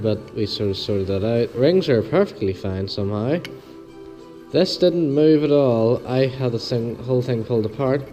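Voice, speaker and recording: A man with a hoarse voice from the flu, hosting a casual step-by-step engine repair tutorial, chatty and homely, repeating small instructions. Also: medium pitch, dark tone, poor audio. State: hoarse, losing his voice with flu. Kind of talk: casual step-by-step workshop demonstration.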